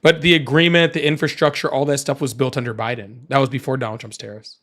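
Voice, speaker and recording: A young man hosting a casual political debate, blunt and argumentative, with rough, profane language. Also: mid-range voice, fairly even intonation, fast talker, fairly bright tone. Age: young adult. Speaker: political show host.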